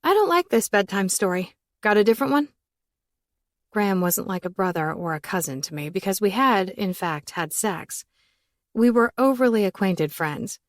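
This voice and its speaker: Dry, low-voiced woman narrating an audiobook. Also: no room sound. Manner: wry, sarcastic inner voice. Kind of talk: first-person audiobook narration.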